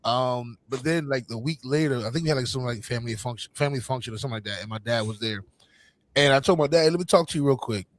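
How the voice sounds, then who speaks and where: A man's voice: medium pitch, no echo. A man in his forties, a podcast host telling a family story in a loose, slangy way, laughing often. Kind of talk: casual storytelling chat.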